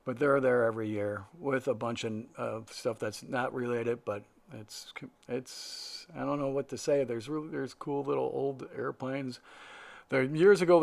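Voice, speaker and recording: Rambling man with a gravelly voice. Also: medium pitch, darkish tone. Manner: rambling, full of fillers and restarts. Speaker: aviation vlogger. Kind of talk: casual voice-over narration.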